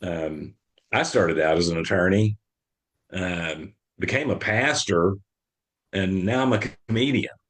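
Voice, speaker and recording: A man's voice: deep voice, unhurried, fairly bright tone. An older man from Texas doing a dry, easygoing stand-up set with hesitant fillers. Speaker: stand-up comedian.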